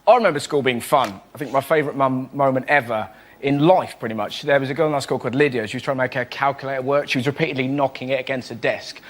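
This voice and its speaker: A man telling playful, animated stand-up stories on a comedy panel show. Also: mid-range voice, fast. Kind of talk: stand-up routine.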